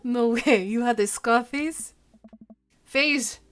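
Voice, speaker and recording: An earnest, sympathetic dad character from a dating game, read by a woman streamer in her own voice. The voice sits fairly high, with faint music humming in the background. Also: slow pace, a bit bright. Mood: excited.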